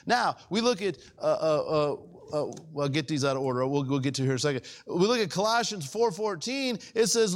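A man preaching a conversational sermon as pastor, often asking the congregation if they follow, with his voice swinging between raised and hushed. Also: high voice, sing-song, moderate pace, hardly any pauses.

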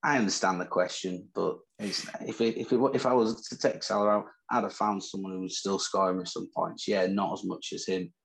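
Talking a little fast and hardly pausing, a Northern English man co-hosts a casual fantasy football chat podcast, swapping boastful, teasing banter. His voice sits low, steady and creaky, and the recording is rough.

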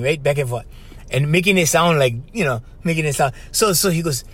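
A man's voice: fairly high pitch, lively intonation, a little fast, fairly bright tone. A middle-aged man from Hawaii with a Hawaiian Pidgin-tinged accent, hosting a casual solo podcast and telling stories loosely, calling the listener bro. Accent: Hawaiian Pidgin-tinged English. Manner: loose storytelling, calls listener bro, asks right?. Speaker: podcast host.

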